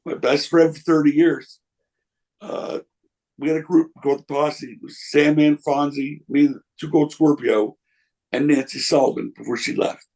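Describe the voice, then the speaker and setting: A former wrestling promoter, an older man, gives an interview full of candid anecdotes and quotes delivered in others' voices. He sounds a little mellow, pitched on the high side, with fairly even intonation and a moderate pace, though the audio is poor.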